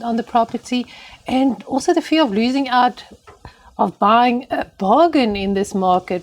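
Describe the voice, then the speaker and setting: A woman's voice: on the high side, darkish tone. Matter-of-fact woman co-host. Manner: matter-of-fact, explains costs and market plainly. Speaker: property market co-host. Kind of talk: casual conversation.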